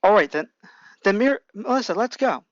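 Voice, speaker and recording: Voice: mid-range voice, lively intonation, normal speed, dry recording, highs cut off, voice pushed up, lightly acted. A reader voicing an upbeat older teen boy hero in a raised, hesitant voice, reading amateur fan fiction.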